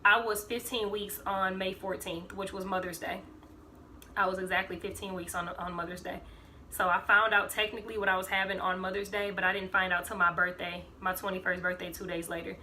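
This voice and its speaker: A woman's voice: medium pitch, level tone, brisk, sharp tone, a little hiss or hum. A young woman, rambling through a casual storytime vlog and full of fillers. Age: 20s. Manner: rambling, filler-heavy, acts out quoted voices. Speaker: vlogger.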